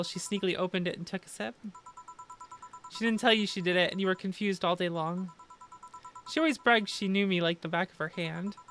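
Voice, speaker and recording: A weary young bartender with a sardonic edge, read by a woman. She talks bluntly and drops a curse when something gets under her skin. Her voice sits at an ordinary middle pitch. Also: a bit bright, close to an everyday voice. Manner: blunt, swears when upset.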